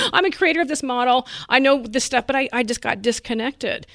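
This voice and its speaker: A woman's voice: high-pitched, normal speed, a bit bright, no room sound, studio quality. A woman dietitian talking animatedly in an interview, laughing often and acting out what her patients say. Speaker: dietitian guest. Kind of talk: conversational interview.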